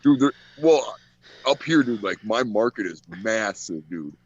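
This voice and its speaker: A man's voice: on the low side, expressive, measured pace, slightly rough. A man chatting casually on a podcast, telling profane stories and acting out the people in them. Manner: profane, storytelling with acted-out quotes. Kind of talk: casual chat. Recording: dull dry lo-fi audio.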